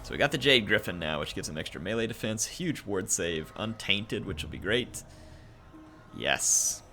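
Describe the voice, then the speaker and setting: Excitable man commentating a strategy game. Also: fairly low pitch, normal speed. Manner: excitable, chatty, cheering at big moments. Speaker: gameplay commentator. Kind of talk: let's-play commentary. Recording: game music behind the voice.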